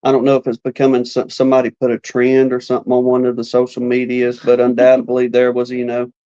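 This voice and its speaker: A man who keeps bees, musing in a measured way during a casual live-stream chat over a video call. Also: mid-range voice, completely flat delivery, warm tone. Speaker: beekeeper. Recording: dull lo-fi stream audio.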